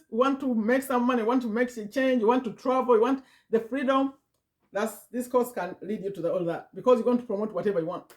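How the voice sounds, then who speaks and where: A woman in her fifties giving a motivational talk straight to her viewers about affiliate marketing, repeating and stressing her points as she coaxes them along. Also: medium pitch. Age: 50s. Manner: repetitive, emphatic, coaxing. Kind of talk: motivational direct-to-camera talk. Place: home.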